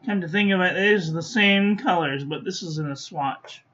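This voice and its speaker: A sleepy woman giving dry, low-key commentary while testing ink on paper. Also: moderate pace, a bit bright. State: sleepy, yawning. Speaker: stationery reviewer. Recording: dull lo-fi recording.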